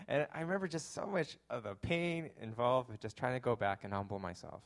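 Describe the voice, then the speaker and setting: A man's voice: mid-range voice, lively intonation, quick pace, few pauses. A young adult man preaching a conversational sermon, joking and filling his talk with fillers. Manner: conversational, self-deprecating humor with lots of fillers. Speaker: pastor.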